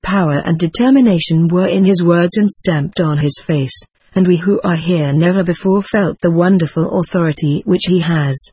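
A reader voicing Helen, a loving female spirit writing to her husband, reading channeled spirit letters aloud in a tender, measured way. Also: mid-range voice, darkish tone, slightly rough, no echo.

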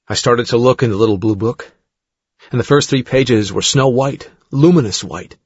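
A man reading the halting first-person account of a woman recalling an abduction, in his own voice. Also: mid-range voice, breathy edge, no echo, close to an everyday voice. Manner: halting, plain recounting. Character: adult woman recounting an abduction under hypnosis. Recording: dull dry studio recording.

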